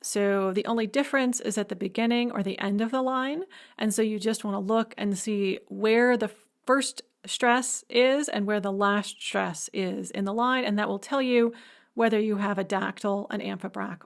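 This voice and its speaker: A woman instructor speaks in a recorded lecture with a voice of middle pitch. She explains step by step and sometimes hums rhythm patterns aloud to make a point.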